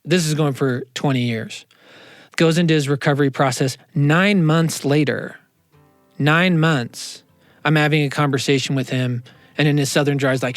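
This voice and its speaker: A man, a counselor, talking in a casual interview, animated and quick with asides, in a studio. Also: fairly high pitch, no room sound, soft background music. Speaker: counselor, podcast guest. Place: radio studio.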